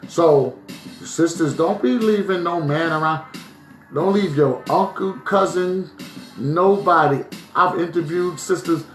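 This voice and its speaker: Emphatic man from New Jersey preaching on a phone stream; raised pitch, roomy echo, soft music underneath. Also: takes it slowly. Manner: preachy, emphatic, keeps asking "right?". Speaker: vlogger. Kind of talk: live-streamed commentary. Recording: echoey room with faint music.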